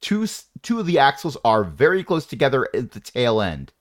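A man's voice: medium pitch, huge pitch swings, normal speed, no room sound, studio quality. A man narrating a tabletop game as game master, with playful, rambling descriptions and asides.

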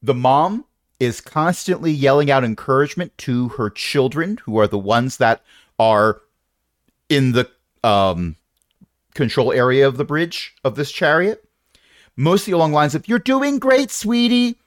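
A man's voice: mid-range voice, unhurried, no room sound, studio quality. A man narrating a tabletop game as game master, with playful, rambling descriptions and asides.

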